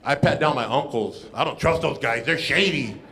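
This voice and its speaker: A man's voice: medium pitch, normal speed, fairly bright tone, slight background noise. A man doing a stand-up comedy set on a club stage, playful and self-mocking with punchy jokes. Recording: echoey club room.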